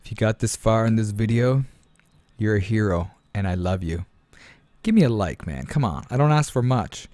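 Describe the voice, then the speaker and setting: A man's voice: fairly low pitch, lively intonation, normal speed, darkish tone, no echo. A male host wrapping up a gaming video in a hyped, playful way.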